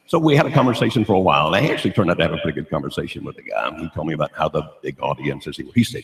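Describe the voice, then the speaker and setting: A man's voice: extremely low pitch, expressive, rapid-fire, vocal fry, hardly any pauses. An older man giving a humorous sermon at a church, joking and asking the audience questions. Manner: jokey, asks the audience questions. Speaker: guest speaker at a church. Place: church auditorium. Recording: roomy church hall.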